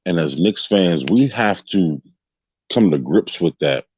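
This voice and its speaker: A man's voice: low-pitched, expressive, a little slow, husky, no room sound, muffled recording. A man hosting a casual fan podcast, talking in a loose, rambling way with constant restarts and tag questions. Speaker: podcast host.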